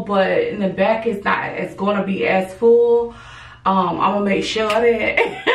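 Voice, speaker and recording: A woman's voice: fairly high pitch, creaky, echoey room, distant mic, slight background noise. A tired woman chatting casually and playfully while she braids her own hair late at night. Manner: chatty, playful, sassy asides. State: tired, yawning. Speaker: beauty vlogger. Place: home at night.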